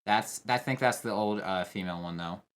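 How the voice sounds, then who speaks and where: This young competitive player talks through a game trailer in casual commentary, thinking aloud with fillers and frequent restarts. His voice is fairly low, smooth and fairly bright, and he speaks briskly.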